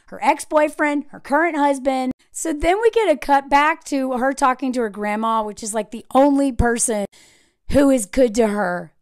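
Indignant woman, high voice, dry sound. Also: dry recording. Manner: indignant, talks fast with many fillers. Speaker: video commentator. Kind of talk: reaction commentary on a film.

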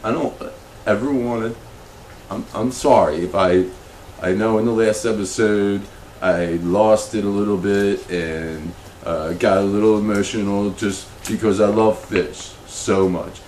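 A man hosting a comedic fish show, talking in an awkward, rambling, deadpan way. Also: reverberant, a little hiss or hum, low-quality recording. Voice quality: slow, awkward, rambling delivery that becomes emotional and high-pitched. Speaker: comedy web show host.

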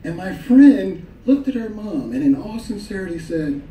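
A man performing a stand-up comedy set on a club stage, telling stories animatedly and jumping into high voices for the people he quotes. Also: big pitch swings, moderate pace, mellow, distant mic. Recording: roomy live club recording, crowd laughter.

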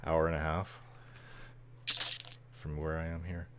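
A man's voice: extremely low pitch, level tone, unhurried, noisy background. A man chatting casually over gameplay, rambling with lots of fillers and frequent chuckles. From Canada. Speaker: gameplay commentator. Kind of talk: casual let's-play chatter.

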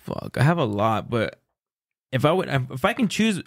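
A man's voice: mid-range voice, big pitch swings, moderate pace, no room sound, clean studio sound. A man who is a stand-up comic guest in casual comedy chat, playful and crude.

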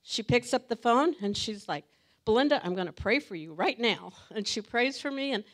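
A woman with a slightly high voice shares her story in front of a church group. She talks earnestly, gets emotional and laughs often. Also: animated, normal speed. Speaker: church greeter sharing testimony. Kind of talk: personal testimony. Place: church meeting room with audience.

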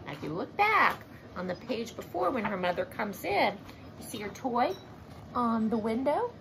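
A woman reads a children's picture book aloud slowly and expressively, pausing to ask her young listeners questions. Her voice is high and lively with a gravelly texture, over a faint background hiss. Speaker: storybook reader.

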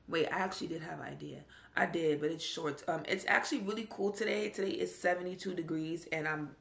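Chatty young woman vlogging, gravelly edge. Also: deep voice, moderate pace, reverberant. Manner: chatty, rambling, slangy with many "like"s. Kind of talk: casual vlog talk to camera.

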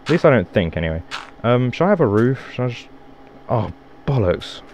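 A man's voice: medium pitch, very animated, a little fast, a little mellow, a little hiss or hum. A man giving casual, rambling gameplay commentary, joking and swearing as he plays. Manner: rambling, jokey, swears and exclaims. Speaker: Minecraft let's player.

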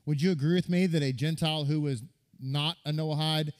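Animated rabbi preaching, higher voice. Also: male voice, brisk. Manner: animated, rhetorical questions to the congregation. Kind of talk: sermon teaching.

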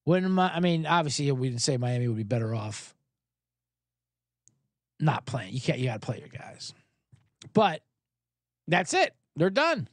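A man's voice: on the high side, sing-song, unhurried, pauses often, dry recording. A man hosting a sports betting podcast, talking in a rambling, profane, casual way.

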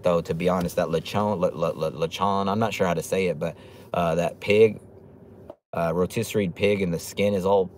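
With a deep, slightly mellow voice and a bit of noise behind him, a man runs a laid-back livestream. He reads viewers' comments aloud, swearing casually, restarting sentences, using fillers and laughing often.

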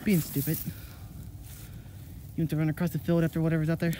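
This woman speaks fast in a low, level, warm voice, with a slight hiss or hum in the audio. She chats casually about her day for a family vlog, playfully addressing her pets in silly voices.

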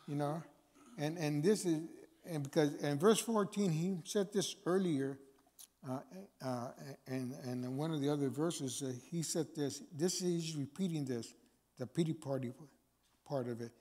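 A man's voice: on the high side, normal speed, dark tone. A man speaking as a guest chaplain, preaching informally to a men's meeting with repeated phrases and fillers. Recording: long reverb of a hall.

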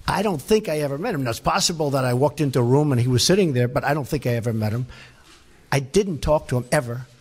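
A president answers press questions off the cuff at a podium in a large formal hall, blunt, emphatic and repetitive. His medium-pitched voice is animated, quick and slightly rough.

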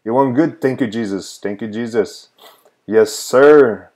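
Streamer-pastor, male, mellow tone, chatty, quick laughs, shout-outs to chat. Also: mid-range voice. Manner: upbeat, greets viewers by name, laughs often; shifts into an earnest prayer. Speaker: livestream host and pastor. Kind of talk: casual livestream chat.

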